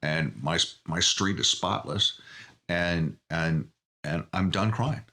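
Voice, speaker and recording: A middle-aged man with a very low, forceful voice, answering interview questions with earnest openness. He talks in halting bursts, often restarting his sentences. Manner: earnest, emotionally open, halting. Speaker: podcast guest. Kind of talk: candid interview conversation.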